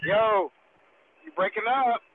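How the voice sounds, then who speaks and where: High lively man on a tinny phone line. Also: takes it slowly, vocal fry, a little hiss or hum. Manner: repetitive, blunt. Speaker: call-in debater. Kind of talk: casual debate over a call. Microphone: phone call.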